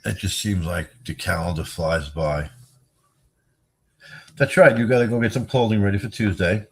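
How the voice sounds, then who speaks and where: A man's voice: fairly even intonation, brisk, husky. A middle-aged man rambling casually on his own livestream, joking and telling stories. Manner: rambling, jokey, swings into high squeaky bits. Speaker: livestream host.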